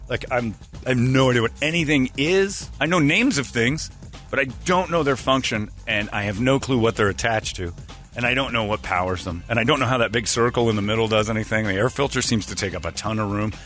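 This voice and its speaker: A man's voice: on the low side, fairly bright tone. A man hosting a casual morning radio show, telling stories that mock himself and acting out other people's lines. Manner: self-mocking storyteller, acts out other people's lines.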